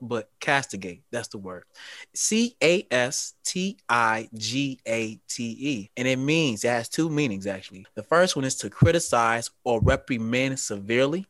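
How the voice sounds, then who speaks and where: A man co-hosting a talk show, joking and teasing in relaxed casual chat. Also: mid-range voice, no echo. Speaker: co-host.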